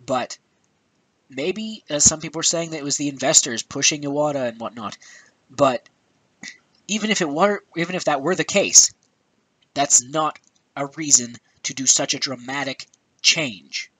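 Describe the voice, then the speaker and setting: A man's voice: on the high side, moderate pace, pauses often, sharp tone, no echo, poor audio. A man hosting a gaming video, ranting angrily and swearing often with exasperated sighs, recorded on a headset with some static. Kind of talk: angry rant. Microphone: new headset.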